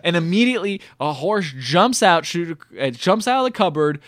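Animated young man recapping a movie. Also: high-pitched. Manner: rambling retelling with quick quoted voices, swears freely. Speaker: podcast co-host recapping a movie. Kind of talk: casual comedic chat.

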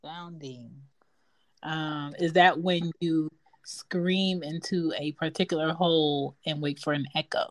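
A woman's voice: sits low, steady tone, slow pace, no echo. A woman co-hosting a late-night podcast, talking in a brash, profane and teasing way. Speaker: podcast co-host. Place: home desk.

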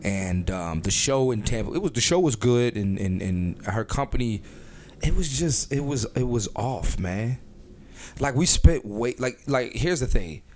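A man's voice: mid-range voice, a little slow. Rambling profane male podcast comedian. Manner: rambling, profane, animated with frequent restarts. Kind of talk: casual comedic podcast chat.

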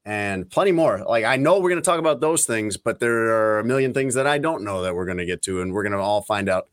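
A man's voice: on the low side, lively intonation, fast talker, no room sound. A man hosting a sports podcast, talking in loose, joking, rambling chat. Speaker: podcast host. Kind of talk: casual chat.

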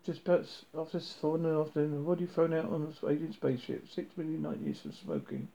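A man's voice: fairly high pitch, lively intonation, quick pace, creaky, dark tone. A man voicing Arthur, a flustered, indignant man who complains in a stammer and edges toward hysteria. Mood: indignant, panicky. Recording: dull lo-fi recording.

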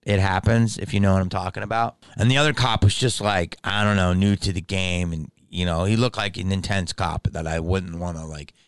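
A man hosting a podcast, telling a story in an animated, profane way and acting out both sides of a quarrel. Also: deep voice, brisk, few pauses, clear, resonant tone, dry recording. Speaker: podcast host. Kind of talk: comedic storytelling.

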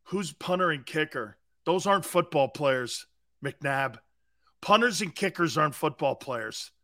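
A man's voice: fairly high pitch, animated, unhurried, pushed and bright. A man hosting a sports talk show, brash and boisterous, laughing often as he riffs.

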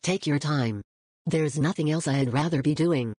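A woman playing a sarcastic co-host who talks in a deadpan, insulting way. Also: low voice, moderate pace, husky. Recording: music behind the voice. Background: music.

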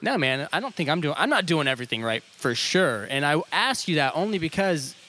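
A man's voice: fairly high pitch, big pitch swings, a little fast, bright, forceful tone, slight background noise. A man guesting on a podcast, talking reflectively and a little hesitantly about his father in casual chat.

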